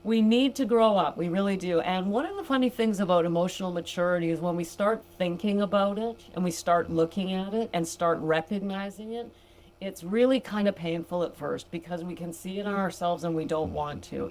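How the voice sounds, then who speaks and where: A woman's voice: lowish voice, moderate pace, a little mellow. An older woman, a grandmother, hosting a sobriety coaching podcast, chatting casually with her listeners, laughing often and calling them gals. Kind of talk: casual podcast monologue reading from a book.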